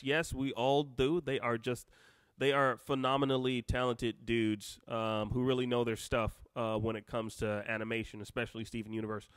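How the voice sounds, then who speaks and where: A man's voice: medium pitch, fairly even intonation, moderate pace, fairly bright tone, smooth, no room sound, studio quality. A man hosting a live stream, reading out comments and taking calls, rambling and cutting himself off with joking asides.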